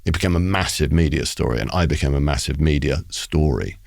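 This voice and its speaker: Middle-aged male poet, studio interview guest, deep gravelly voice, dry close mic, animated theatrical storyteller. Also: brisk, no echo. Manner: animated storyteller with theatrical flair, acting out voices, frequent restarts. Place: recording studio.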